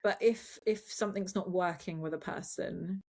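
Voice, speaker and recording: Young adult woman, guest producer, chatty and fast, slightly low voice. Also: steady tone, creaky, a little mellow. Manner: chatty, quick asides with laughs. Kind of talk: casual interview chat.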